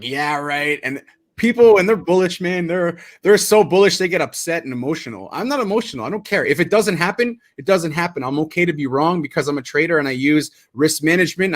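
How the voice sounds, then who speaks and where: A man who trades explaining chart levels in casual chat, animated and quick to act out other people's reactions. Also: fairly high pitch. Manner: animated, acts out market reactions, restarts often. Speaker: crypto trader.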